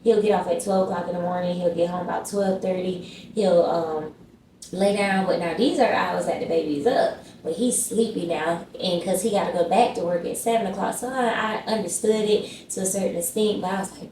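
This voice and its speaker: A woman's voice: fairly low pitch, brisk, darkish tone, roomy sound, far from the mic, slight background noise, low-quality recording. A woman vlogger telling a casual storytime, chatty and slangy, talking straight to her viewers.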